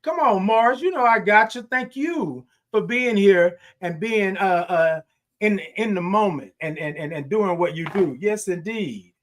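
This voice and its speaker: A man's voice: high voice, lively intonation, unhurried, fairly bright tone. A man hosting a morning livestream show, chatting casually with viewers, reading their comments and calling back to them with a lot of repetition and laughter. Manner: upbeat, repetitive, call-and-response, frequent laughs.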